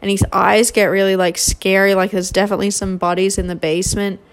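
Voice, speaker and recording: A woman's voice: medium pitch, flat delivery, a little fast. A young woman hosting a podcast, recapping a reality show in casual, gossipy chat with exasperated asides.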